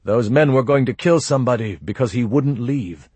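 A man voicing a jumpy older father, his husky voice climbing high as fear takes hold. He presses with one worried question after another, in a dry close storybook reading. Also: moderate pace, darkish tone, no echo, lightly acted. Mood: urgent. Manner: urgent, fretful questioning. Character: anxious older father, easily spooked.

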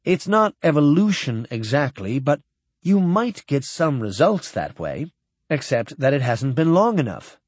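A man's voice: fairly high pitch, very animated, measured pace, no room sound. A man reading an audiobook, voicing an eager, talkative young noblewoman lecturing on science. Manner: earnest, chatty.

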